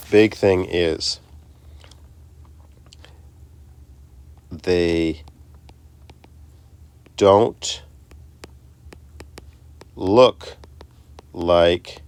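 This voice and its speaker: A man's voice: on the low side, dry recording. Chatty man teaching a math lesson. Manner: chatty, self-interrupting, talks students through steps.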